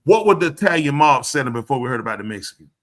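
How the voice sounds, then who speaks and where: A man hosting a live talk show, telling stories in an animated, emphatic way. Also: mid-range voice, racing. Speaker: show host.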